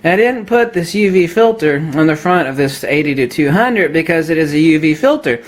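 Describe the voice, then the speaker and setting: A man's voice: on the high side, lively intonation, moderate pace. A man ranting about camera gear to the camera, lecturing emphatically, laughing at his own jokes and putting on a mock Australian accent. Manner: puts on a mock Australian accent, says mate a lot. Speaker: photography vlogger. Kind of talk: opinionated gear rant to camera.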